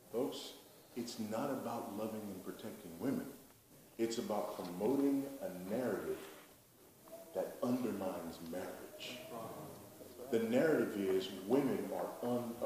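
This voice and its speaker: A man's voice: mid-range voice, a little mellow. A man from the United States preaching a sermon in an emphatic, rhetorical way, repeating his key lines. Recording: very echoey hall, distant mic, faint noise.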